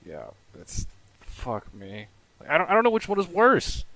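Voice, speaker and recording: A man co-hosting a casual podcast chat, wry and relaxed, swearing and laughing often. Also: on the high side, normal speed, dry recording, low-quality recording. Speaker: podcast co-host.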